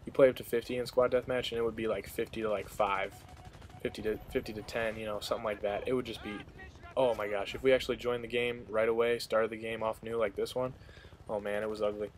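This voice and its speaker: A man's voice: on the low side, little pitch movement, fast, slight background noise. A young man giving casual, rambling commentary over gameplay, with many fillers and restarts as he tells a story.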